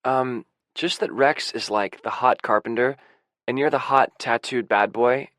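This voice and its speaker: A man doing an excitable teenage gossip. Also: mid-range voice, unhurried, no echo, clean studio sound, lightly acted. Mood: gushing. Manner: excitable, teasing, gushing. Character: eager gossipy eighteen-year-old young man.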